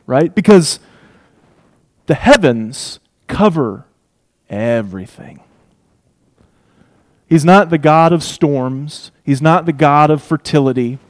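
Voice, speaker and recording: A man preaching an expository sermon, emphatic, swinging between loud declarations and hushed asides. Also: fairly high pitch, expressive, takes it slowly, pauses often.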